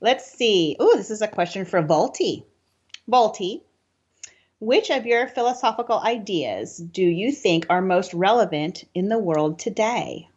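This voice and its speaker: Playful woman co-host, teasing, middle pitch, muffled video-call audio. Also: expressive, a little slow, a little mellow. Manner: playful and teasing, with easy laughs. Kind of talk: casual chat over a video call.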